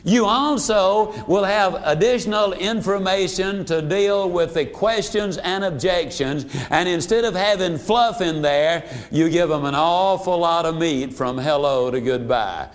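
A middle-aged man giving a motivational sales training talk, emphatic and preacherly, slowing down to stress key points. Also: sits high.

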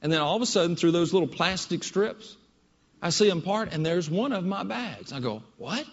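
High-voiced man telling a story on stage. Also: brisk. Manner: animated, conversational. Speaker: keynote speaker. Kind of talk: storytelling presentation. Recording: dull audio in a reverberant hall.

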